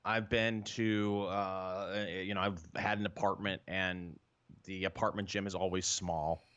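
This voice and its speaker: A man co-hosting a podcast with a very deep voice. He adds short, dry comments in relaxed casual chat. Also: a little slow, muffled recording. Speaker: podcast co-host.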